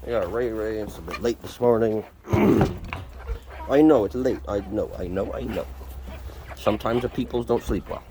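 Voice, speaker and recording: This homesteader vlogger talks to his chickens at a moderate pace while doing chores outdoors in a muddy yard, keeping the chat casual and playful in a high sing-song voice. Clucking chickens and birds fill the background of the noisy outdoor farmyard recording.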